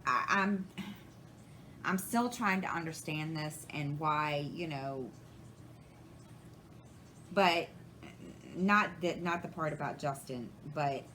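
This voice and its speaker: A woman in her forties talks in a somewhat low voice, meandering through a story with restarts and acted-out dialogue. A faint hiss of background noise sits under the recording. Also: fairly bright tone, low-quality recording. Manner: rambling, retells conversations, many restarts. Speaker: crafting channel host. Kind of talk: casual storytelling to camera.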